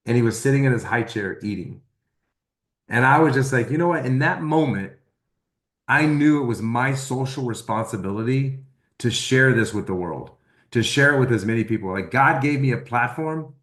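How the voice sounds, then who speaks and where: A man telling a personal testimonial story, acting out the dialogue he quotes in an animated way. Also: mid-range voice, moderate pace, reverberant. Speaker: testimonial speaker.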